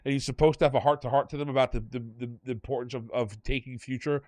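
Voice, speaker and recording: Man, casual podcast talk, mid-pitched, rambling, dry close sound. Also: steady tone, fast, a little mellow, no room sound. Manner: rambling, self-correcting storyteller. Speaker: podcast host.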